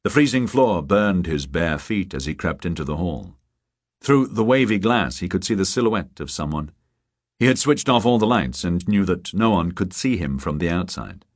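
A man narrating a thriller audiobook in a measured, even storytelling manner. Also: low-pitched. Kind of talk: scripted narration. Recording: dry close studio sound.

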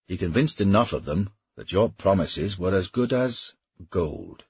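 A man voicing a talkative, teasing Welsh mercenary captain in an audiobook, with a husky voice. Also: sits low, expressive, unhurried, darkish tone, dry recording, dull audio, pitched above the performer's own voice, exaggerated voice. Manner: wry, chatty, teasing. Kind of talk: audiobook character reading.

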